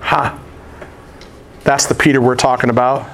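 A male pastor preaching a sermon in a casual, slangy, animated storytelling way. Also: mid-range voice, normal speed, gravelly, slight background noise.

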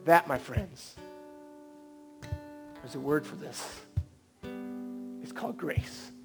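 High-voiced pastor preaching earnestly. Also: male voice, animated, takes it slowly, creaky. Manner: earnest, swings from quiet to emphatic. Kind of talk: sermon. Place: church service. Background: faint band guitar.

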